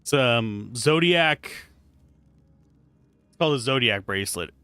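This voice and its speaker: Playing a video game on a live stream, a man keeps up animated, chatty commentary peppered with jokey asides. He speaks unhurriedly at medium pitch, with a clean tone and a dry recording.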